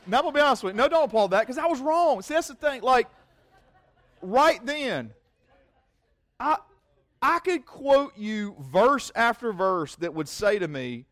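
A man's voice: very high voice, lively intonation, moderate pace, pauses often, a bit bright, no room sound. A man preaching a sermon, telling a personal story in a rambling, self-mocking way, often repeating words and acting out both sides of a conversation. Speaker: pastor.

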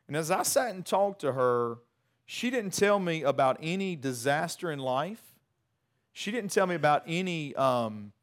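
A middle-aged man, preaching a sermon in a conversational, animated way with many restarts. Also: a little high. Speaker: pastor.

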